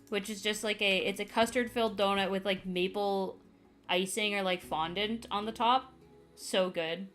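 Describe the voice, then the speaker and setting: A young woman with a Canadian accent chats casually on her stream, teasing her viewers and laughing often. Her voice is bright, and faint game music plays underneath. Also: medium pitch, steady tone, normal speed. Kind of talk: casual chat while playing.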